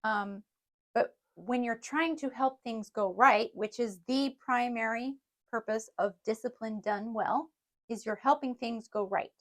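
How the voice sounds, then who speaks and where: A woman's voice: fairly high pitch, a little slow, a bit bright. A middle-aged woman co-hosting a casual parenting podcast, explaining ideas earnestly with light laughs. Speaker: podcast co-host.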